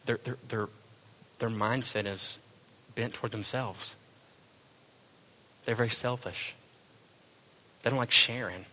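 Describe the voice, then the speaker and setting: A male pastor preaching a sermon, firing rhetorical questions and then dropping to hushed tones. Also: mid-range voice, steady tone, takes it slowly, pauses often, slight background noise.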